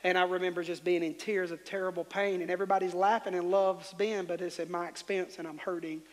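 A man's voice: sits high, flat delivery, fast, in a large hall. A man preaching a sermon as pastor, fervently telling the congregation how to respond. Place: church sanctuary.

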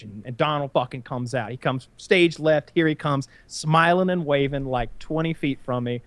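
A man's voice: mid-range voice, normal speed, few pauses, no echo. A man telling a long story in casual chat, rambling and profane with frequent restarts.

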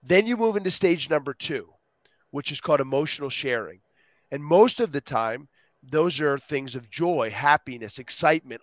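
Lively man, higher voice, dry sound. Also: moderate pace, dry recording. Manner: energetic, acts out quotes in lively voices. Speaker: podcast guest. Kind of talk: animated interview talk.

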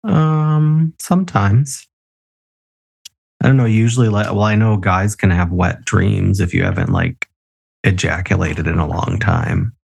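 A man's voice: fairly low pitch, big pitch swings, measured pace, vocal fry, a little mellow, breathy edge. A tipsy man co-hosting a casual podcast over a remote call, swearing freely and laughing often. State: a little tipsy. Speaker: podcast co-host. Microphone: remote call recording.

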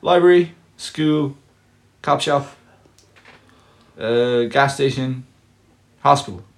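A man's voice: medium pitch, slow. A man co-hosting a podcast, explaining a board game in rambling casual chat and swearing freely. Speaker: podcast co-host.

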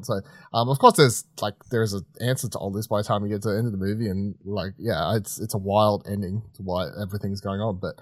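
A man's voice: fairly low pitch, animated, quick pace, dry recording, clean studio sound. Rambling, cursing male podcast co-host. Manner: rambling, restarts, swears freely; laughs often while telling stories. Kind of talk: casual chat reviewing films.

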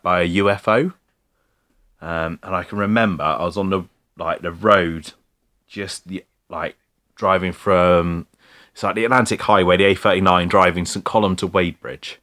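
A man with a very low voice tells a story in a relaxed chat. He rambles, restarts, and leans on "like" and "mate" throughout. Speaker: podcast co-host telling a story. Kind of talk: casual chat.

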